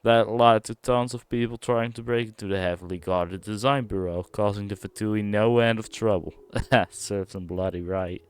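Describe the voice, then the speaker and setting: A man's voice: on the low side, fairly even intonation, normal speed, few pauses, clean tone, close to an everyday voice. A man reading out game lines as a down-on-his-luck barfly, with a put-on British-style accent and a rueful, grumbling delivery.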